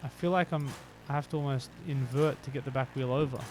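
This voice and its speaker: A man's voice: mid-range voice, steady tone, quick pace, a little hiss or hum. Chatty male game streamer. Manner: chatty, self-deprecating, bursts into shouts. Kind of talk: live stream commentary.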